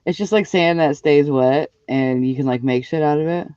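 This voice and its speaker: A man's voice: a little high, normal speed, darkish tone, clean tone, no echo. A man on a livestream panel making short remarks in casual chat, laughing along. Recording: dull lo-fi sound.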